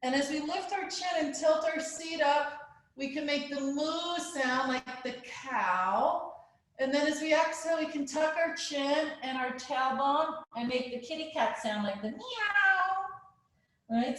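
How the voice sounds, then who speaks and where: In a very echoey room, a woman leads a live virtual yoga class for children as their kids yoga teacher. She stays playful and encouraging and makes animal sounds as she goes. Her voice sits high and is a bit bright.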